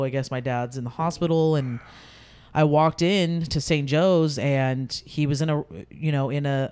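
A woman's voice: a bass voice, a little mellow. A woman in her thirties, a podcast guest, telling a personal story candidly in casual conversation, with many fillers. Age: 30s.

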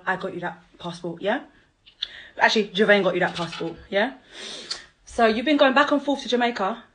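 A woman ranting at her child's father on a live stream, confrontational and mocking, swearing and bursting into loud laughter. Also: on the high side, poor audio. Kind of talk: angry live-stream rant.

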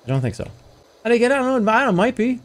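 A man's voice: extremely high pitch, very animated, fast talker. A man streaming a video game, chatting casually with viewers in a rambling, jokey way. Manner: jokey, rambling, slips into silly voices. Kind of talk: casual livestream chat while gaming.

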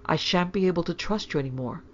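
A woman voicing an anxious, proper mother who fusses and gently scolds in a storybook reading. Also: fairly low pitch, fast, highs cut off, lightly acted. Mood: scolding.

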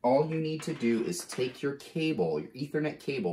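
A man hosting a casual how-to video, explaining each step slowly and checking in with "okay?" as he goes. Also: medium pitch, sing-song, dark tone, a little hiss or hum. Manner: slow, deliberate step-by-step explaining; frequent "okay?" check-ins. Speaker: tech tutorial host. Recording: roomy, echoey room sound.

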